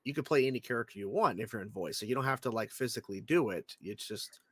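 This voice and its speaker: A man hosting an interview, eager and friendly, asking loose rambling questions and chiming in with quick agreement. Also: mid-range voice, animated, a bit bright, husky. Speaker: host.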